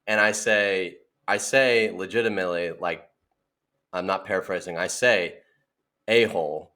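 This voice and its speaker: A young man with a fairly low speaking voice trades childhood stories on a casual podcast. He laughs often and jumps up into a high voice to act out what he said. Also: moderate pace. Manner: animated storyteller, laughing often, acting out quotes in a high voice. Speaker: podcast co-host. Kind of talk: casual chat.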